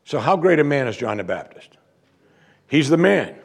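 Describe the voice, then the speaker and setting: Gravelly, animated male pastor preaching. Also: a little high, normal speed. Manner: emphatic, with rhetorical questions. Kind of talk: sermon. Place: church.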